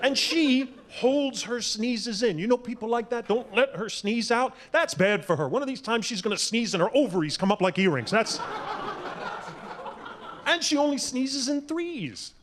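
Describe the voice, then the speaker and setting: A middle-aged man doing stand-up comedy on a club stage, wry and punchy, breaking into shouted impressions. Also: extremely high pitch, expressive, moderate pace.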